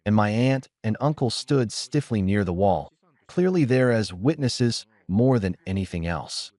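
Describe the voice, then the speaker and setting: A man narrating a first-person story in a measured, dramatic storytelling manner. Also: on the low side, animated, a little mellow, dry recording.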